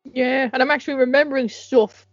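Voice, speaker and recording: Irish woman, young, agreeable casual chat, higher voice, dry muffled sound. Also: steady tone, a little fast, dry recording. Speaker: fan video maker. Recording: muffled lo-fi recording with music.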